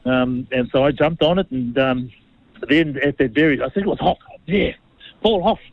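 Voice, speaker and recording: A man's voice: mid-range voice, moderate pace, dry recording, highs cut off. A New Zealand man in his fifties, a former rugby league player, telling rambling, self-deprecating stories as a guest. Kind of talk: casual storytelling interview.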